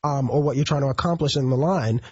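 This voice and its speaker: Man, stage actor guest, husky, thoughtful, pauses often, dry lo-fi radio sound. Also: medium pitch, no echo. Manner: thoughtful, explanatory, with pauses and fillers. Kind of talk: radio interview. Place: radio studio. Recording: dull lo-fi radio broadcast audio.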